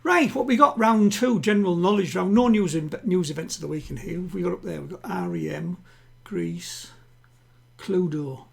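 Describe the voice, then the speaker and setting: A man hosting a live-streamed home quiz, chatting with players and reading each question twice, slowly. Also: high-pitched, vocal fry, fairly bright tone, husky. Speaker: quiz host. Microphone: home streaming setup.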